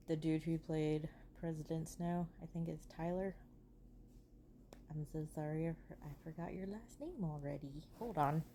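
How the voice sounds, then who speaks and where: A woman's voice: sits low, mellow, a little hiss or hum. A woman giving a casual, rambling movie review, full of ums, restarts and self-corrections.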